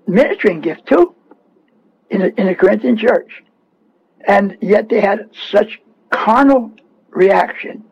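A man with a high, husky voice preaching a radio sermon. He scolds and repeats himself with fervent insistence. The broadcast sound is dull and muffled.

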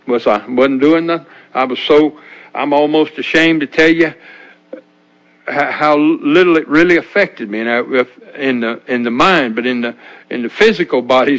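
An older man preaching an informal sermon in a folksy, halting way, often restarting his sentences. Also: fairly high pitch, a bit bright, low-quality recording.

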